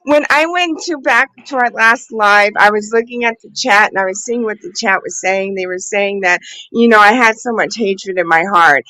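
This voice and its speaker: A woman's voice: mid-range voice, normal speed, hardly any pauses, sharp tone, no room sound, poor audio. A woman calling in as a guest on a live show, speaking bluntly and frankly and swearing freely. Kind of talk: candid live call-in conversation.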